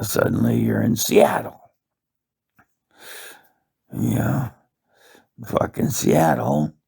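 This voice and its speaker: A man with a very husky, raspy voice wanders through a comic monologue, stuffing it with fillers and swearing. His pitch swings widely from one phrase to the next. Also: mellow. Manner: meandering, profane, full of fillers. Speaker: monologue host.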